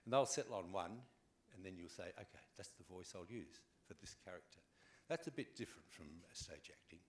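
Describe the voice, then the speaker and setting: An older Australian man with a fairly low voice that swoops up and down as he spins wry stories. He talks as a guest on a convention panel and acts out his anecdotes with plenty of energy. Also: animated, brisk, slight background noise. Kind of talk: relaxed anecdotal storytelling.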